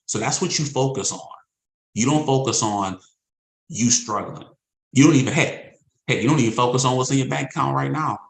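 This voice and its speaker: A man's voice: mid-range voice, gravelly, echoey room, rough recording. A man leading an insurance sales team in a motivational talk, speaking in a conversational, emphatic way and repeating his points. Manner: repetitive, emphatic, conversational preaching.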